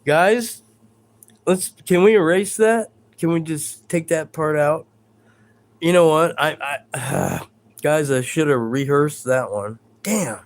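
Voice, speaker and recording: A man's voice: a little high, slow pace. A man hosting a live stream in a casual, rambling chat, reading out viewer comments and stumbling over his words in a self-deprecating way.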